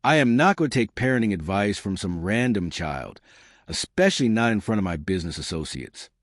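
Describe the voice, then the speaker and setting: A man's voice: lowish voice, sing-song, a little fast, no echo, studio quality. A man voicing an arrogant wealthy businessman who talks with barely held-back anger and contempt. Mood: scornful. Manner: angry, scornful outbursts.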